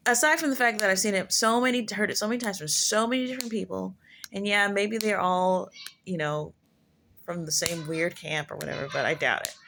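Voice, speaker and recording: A woman's voice: mid-range voice, pushed and bright, a little hiss or hum. A woman talking through spiritual experiences in a casual, rambling monologue, full of fillers and self-corrections. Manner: musing, self-correcting storyteller. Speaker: prophetess sharing spiritual musings.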